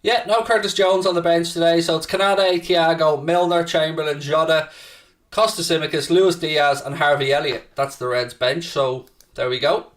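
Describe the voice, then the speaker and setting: A man's voice: on the high side, steady tone, moderate pace, a bit bright, distant mic. A man hosting a casual live football watchalong, chatting to viewers, reading out their messages and swearing freely when worked up. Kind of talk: casual live-stream chat.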